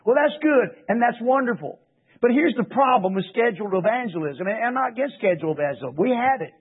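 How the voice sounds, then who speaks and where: A man's voice: very high-pitched, lively intonation, fast talker, slightly rough. A man preaching a sermon, pressing his listeners with impassioned rhetorical questions. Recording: tinny phone-like radio broadcast.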